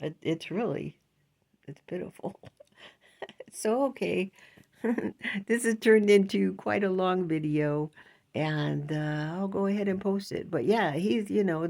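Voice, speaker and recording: Rambling older woman, gravelly voice. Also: low-pitched, darkish tone. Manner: chatty, indignant, rambling with laughs. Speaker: vlogger. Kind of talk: casual rambling monologue.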